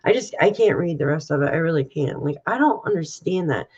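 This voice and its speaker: A woman's voice: low-pitched, expressive, brisk, darkish tone, breathy edge. A woman hosting a casual livestream who talks through tears, sighing and emotional. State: crying. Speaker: true crime channel host. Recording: dull lo-fi stream audio.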